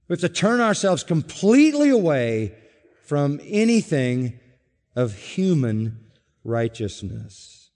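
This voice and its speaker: A male pastor delivering a sermon with a slightly high voice. He is emphatic and insistent, repeating key lines for weight, and his voice carries a long reverb from a large hall. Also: sing-song, slow pace, darkish tone.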